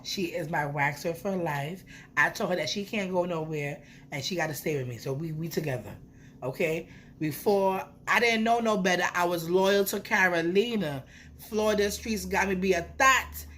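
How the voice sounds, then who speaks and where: A woman's voice: on the low side, moderate pace, fairly bright tone, a little hiss or hum. A young woman, telling a playful storytime vlog with swearing. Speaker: vlogger. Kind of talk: casual storytime.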